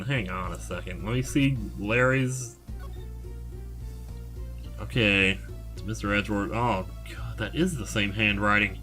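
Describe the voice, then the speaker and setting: A man's voice: lowish voice, measured pace, long pauses, sharp tone, soft background music. A young man casually commenting on a game he plays, chatty and puzzling things out aloud. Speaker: let's play host.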